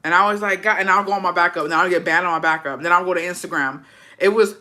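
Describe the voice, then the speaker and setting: Young woman streamer, crisp bright tone, cussing, gossipy, slips into spanish. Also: on the low side, fast talker. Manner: profane, gossipy, mixes in Spanish words. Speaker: livestream host. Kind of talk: casual livestream chat reading comments.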